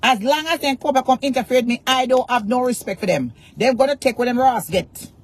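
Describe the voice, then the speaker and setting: A Jamaican social media personality rants angrily to camera for her followers, cursing in Patois and repeating taunts defiantly. Her voice sits high, animated and a little fast.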